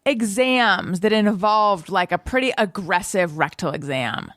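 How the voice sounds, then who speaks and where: A woman hosting a podcast in casual chat, playful and quick to laugh. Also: mid-range voice, lively intonation, a bit bright, no room sound, studio quality. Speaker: podcast host.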